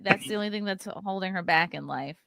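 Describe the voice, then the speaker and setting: A woman's voice: medium pitch, brisk, vocal fry, background noise. A woman chatting casually, teasing in a mock-pleading way. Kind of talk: casual chat.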